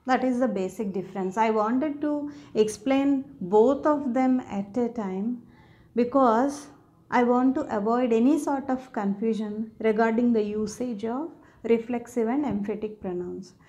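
Slow, patient woman teaching grammar. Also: on the high side, mellow. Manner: patient, slow explaining with frequent "okay?" checks. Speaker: English teacher. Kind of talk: explaining grammar to viewers.

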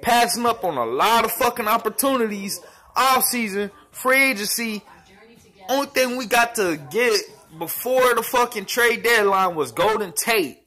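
A man's voice: extremely high pitch, animated, moderate pace, pushed and bright. A man ranting angrily about his football team, cursing constantly and repeating himself. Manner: profane and heated, repeats himself. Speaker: sports fan vlogger. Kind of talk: angry fan rant.

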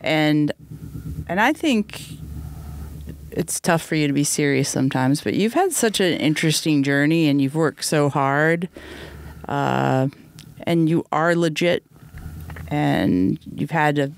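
A man's voice: on the high side, expressive, gravelly. A man hosting a podcast, chatting casually with his guest and teasing him. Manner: teasing, quick interjections and laughs. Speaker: podcast host. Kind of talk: casual interview chat.

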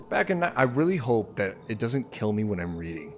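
A young man talks through a horror game, cracking jokes and muttering to himself, then yelping and swearing when it gets scary. His pitch swings widely from low mumbles to high-pitched shouts. Game music plays behind him. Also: very animated, a little fast. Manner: jumpy and jokey, swearing and talking to himself. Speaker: let's play host. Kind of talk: horror game playthrough commentary.

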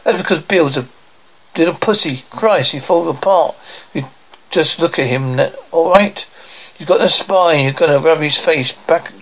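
A man reading out the lines of a gruff, crude middle-aged father who defends himself. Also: on the high side, unhurried, rough recording. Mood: scornful.

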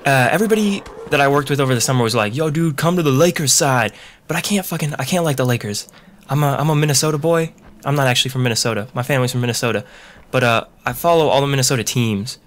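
A man's voice: mid-range voice, fast, a bit bright. A young man doing loose, profane, joking commentary while playing a video game. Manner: profane, rambling, jokey. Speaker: let's play gamer. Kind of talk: casual gameplay commentary.

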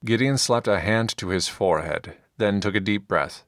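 Man, audiobook narrator, measured, low voice, dry close studio sound. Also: no room sound. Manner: steady, measured storytelling. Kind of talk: scripted narration.

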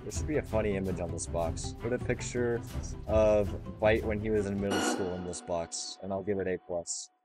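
A young man gaming with friends, swearing and swinging between loud yells and quiet mumbling. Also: fairly low pitch, moderate pace, loud music behind the voice. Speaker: gaming YouTuber. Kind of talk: casual gaming chat with friends.

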